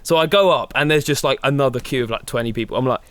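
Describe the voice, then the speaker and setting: A young man co-hosting a podcast, telling a long story in an animated way, swearing a lot and acting out his own panic. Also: mid-range voice, quick pace, no echo. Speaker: podcast co-host. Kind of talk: casual storytelling.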